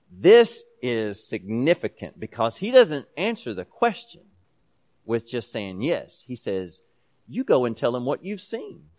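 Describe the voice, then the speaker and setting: A man's voice: mid-range voice, sing-song, measured pace, darkish tone. A man leading a Bible class in a conversational way, reading scripture aloud with emphasis between casual explanations. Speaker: Bible study teacher.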